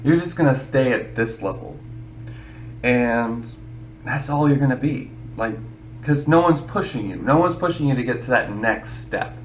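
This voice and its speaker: A man's voice: medium pitch, normal speed, echoey room, slight background noise, low-quality recording. A man giving casual advice to other artists, rambling and filling his talk with "you know". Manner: rambling, repeats himself, many "you know"s.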